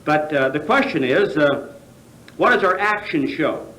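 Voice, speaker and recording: American guy preaching at a big convention, fairly high voice, lots of questions thrown at the crowd, echoey hall. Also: expressive, unhurried, a bit bright. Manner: rhetorical questions, hesitant fillers. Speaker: convention speaker. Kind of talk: sermon.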